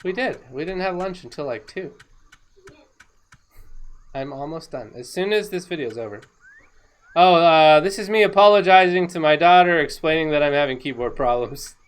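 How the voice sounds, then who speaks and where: A woman talking casually over her own gameplay footage, excitable and rambling, laughing often. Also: lowish voice. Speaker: gaming video creator.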